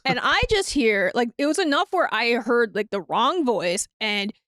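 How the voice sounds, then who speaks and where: A woman's voice: a little high, moderate pace, no echo, studio quality. A woman comedian with an Upper Midwest American accent, chatting on a podcast and telling stories with acted-out quotes and frequent laughs. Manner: animated storyteller, acts out quotes, laughs often. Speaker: comedian guest. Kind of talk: casual podcast chat.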